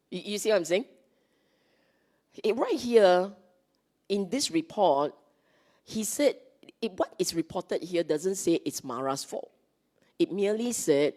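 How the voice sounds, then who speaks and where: A woman's voice: lowish voice, animated, a little slow, a little mellow. A woman with a Singaporean English accent giving a chatty Dharma talk to a congregation. She often checks in with "okay?" and acts out the lines she quotes. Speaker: Dhamma teacher. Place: meeting hall.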